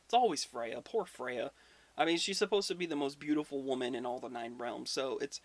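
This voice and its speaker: A man's voice: medium pitch, a little fast. A man hosting a history video, retelling myths casually with irreverent, profane asides.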